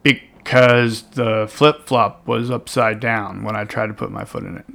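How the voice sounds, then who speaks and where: A man talking casually and bluntly as he gives relationship advice, swearing now and then and punching key words loudly before dropping into softer asides. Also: on the low side, a little slow, vocal fry. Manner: blunt, animated, swears casually, swings between loud emphasis and soft asides.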